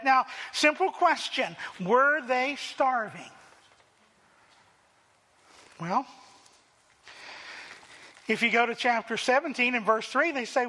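High bright-voiced man preaching in a hall. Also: takes it slowly, long pauses. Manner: animated preaching, acts out quoted complainers. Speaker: pastor. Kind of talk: sermon.

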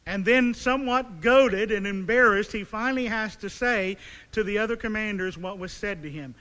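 A man preaching a sermon, reading scripture aloud and then retelling it as vivid storytelling with rhetorical questions and dramatic pauses. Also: high voice, bright, forceful tone. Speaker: pastor. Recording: long reverb of a large hall.

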